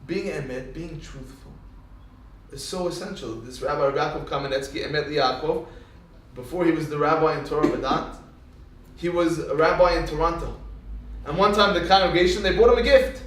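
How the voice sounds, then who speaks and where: A man's voice: on the high side, moderate pace, slight background noise. A male rabbi giving a Torah lecture, telling stories animatedly and acting out what people said. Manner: animated storyteller who acts out quoted speech. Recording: echoey hall, speaker far from mic.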